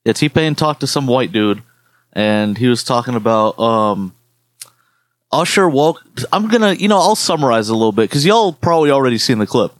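A man's voice: mid-range voice, animated, normal speed, dry recording. A man co-hosting a podcast, telling rambling stories in casual chat with lots of swearing. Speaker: podcast co-host.

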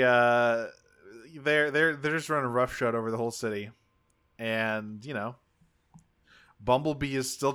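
A man's voice: mid-range voice, bright, forceful tone, clear, resonant tone. A man co-hosting a podcast, casually recapping a cartoon episode in a rambling, self-correcting way with offhand swearing. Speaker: podcast co-host.

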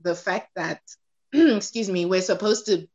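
A woman's voice: medium pitch, measured pace, a little mellow. A young woman co-hosting a podcast, skeptical and full of fillers in casual chat. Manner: skeptical, sighing, filler-heavy. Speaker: podcast co-host. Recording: slightly muffled podcast audio.

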